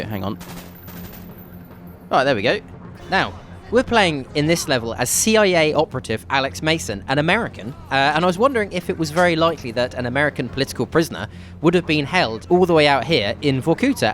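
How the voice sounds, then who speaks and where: A man's voice: fairly high pitch, fairly bright tone, slight background noise. A man hosting a history podcast who chats and jokes while commentating a game playthrough. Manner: chatty and jokey, with dry asides. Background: game gunfire and faint music.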